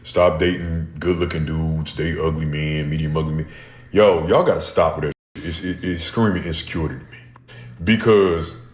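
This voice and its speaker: A man's voice: a bass voice, fairly even intonation, moderate pace, reverberant. A man delivering a blunt, profane social media rant full of slang.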